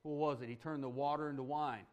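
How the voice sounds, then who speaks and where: A man preaching a sermon in a conversational way, checking in with "right?" and swinging between loud emphatic points and hushed, soft passages. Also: a little high, fairly even intonation, fast talker. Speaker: pastor.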